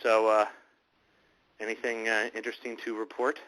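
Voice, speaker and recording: Guy hosting a chill radio talk show, kinda low but bright sharp voice, lots of restarts. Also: monotone, poor audio. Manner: halting, rambling, with many restarts. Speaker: host. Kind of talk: casual online radio chat.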